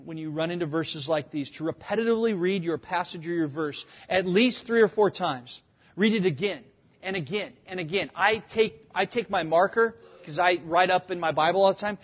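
A man preaching a sermon as a pastor, asking rhetorical questions and pushing up to a shout for emphasis. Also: high-pitched, husky. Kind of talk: sermon teaching. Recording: dull lo-fi recording.

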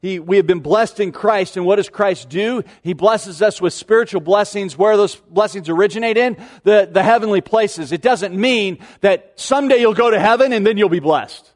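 A man's voice: high-pitched, in a large hall. A man in his forties preaching a sermon to his congregation in a conversational way, often restarting his sentences and asking rhetorical questions. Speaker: pastor.

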